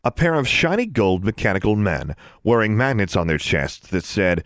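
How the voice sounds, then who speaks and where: Low-voiced man narrating a story. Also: normal speed, hardly any pauses, dry recording, clean studio sound. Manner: steady storytelling, switches into character voices. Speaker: audiobook narrator. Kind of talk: scripted narration.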